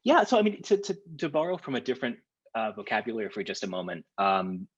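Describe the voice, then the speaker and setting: A man leading a seminar over a video call, with a low, slightly husky voice. He talks hesitantly, full of ums and restarts. The audio is dull and lo-fi, as from a call. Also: big pitch swings, fast talker. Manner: hesitant, lots of fillers and restarts. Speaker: workshop leader.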